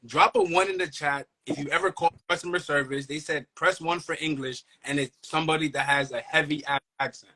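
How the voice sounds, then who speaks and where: A man's voice: a little high, lively intonation, brisk, gravelly, few pauses, bright, forceful tone, low-quality recording. A man hosting a casual podcast, talking in slang and hyping up the live chat. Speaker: podcast host.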